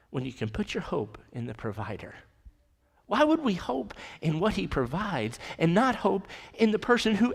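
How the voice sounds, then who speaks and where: A man's voice: high-pitched, vocal fry, slightly rough. Male pastor preaching in an echoing hall. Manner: conversational, drops to near whispers for emphasis. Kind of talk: sermon. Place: church sanctuary.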